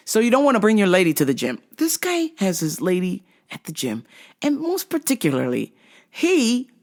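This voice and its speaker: Animated, profane podcast storyteller. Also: medium pitch.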